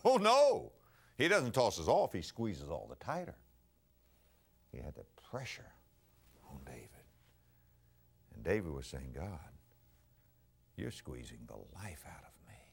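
A middle-aged male pastor with a low-pitched voice preaches a sermon, telling stories with acted-out voices. He swings between soft asides and loud bursts.

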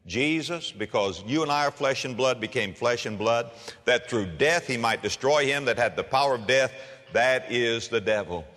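Animated preacher man, folksy and lively. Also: medium pitch. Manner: folksy storytelling with humor; addresses listeners as friend and folks. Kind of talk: sermon. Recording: reverberant hall.

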